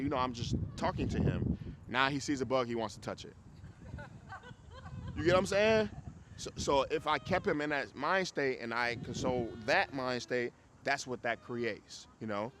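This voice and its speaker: Blunt Chicago dog trainer, casual and salty. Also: male voice, medium pitch, moderate pace, noisy background. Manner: casual, blunt, swears, keeps asking if you follow. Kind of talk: group class teaching. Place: dog training class with dogs around.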